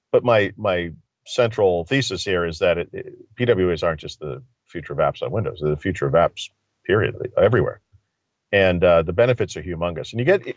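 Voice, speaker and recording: A very deep-voiced man rambles through a casual tech chat, stopping and restarting his thoughts. He calls in over a phone, so the sound is dull and lo-fi, with a dry, close feel. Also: no room sound. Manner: rambling, thinking aloud with many fillers. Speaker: tech commentator. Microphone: phone line.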